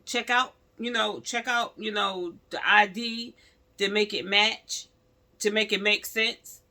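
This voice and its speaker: A man's voice: high voice, steady tone, slow pace, pushed and bright. A man giving casual spoken commentary to his viewers, talkative and calling them y'all. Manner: talkative, addresses viewers as y'all, growing heated. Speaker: vlogger.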